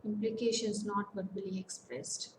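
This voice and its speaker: A woman counsellor with an Indian English accent, giving a lecture on English phonetics and pausing often with fillers. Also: mid-range voice, flat delivery, poor audio. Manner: slow, deliberate, with many hesitations and fillers. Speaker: academic counsellor. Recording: faint background noise.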